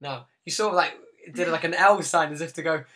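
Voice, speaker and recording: A man hosts a relaxed conversation with a bright, crisp voice. He teases his guest in a playful way and laughs easily, with frequent jokes. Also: on the high side, a little fast. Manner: jokey, teasing, laughs often. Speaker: podcast host. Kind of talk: casual chat.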